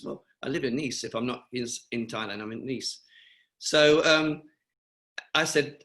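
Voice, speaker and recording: A man's voice: mid-range voice, a little fast, fairly bright tone. Older english guy on a video call, rambling chatty stories, lots of ums and restarts. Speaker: interviewee, cancer charity founder. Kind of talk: webinar interview, anecdotal storytelling.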